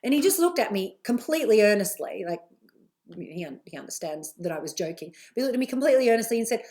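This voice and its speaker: A middle-aged woman with a British accent, giving a candid, chatty live online talk as a coach, with asides and a lively delivery. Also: medium pitch, quick pace.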